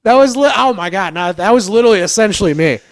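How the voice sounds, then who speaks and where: High-voiced tipsy young man, dry close mic. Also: animated, fast talker, no echo. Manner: loose, profane, laughing storyteller. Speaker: podcast co-host. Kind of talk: drunk casual chat. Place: living room.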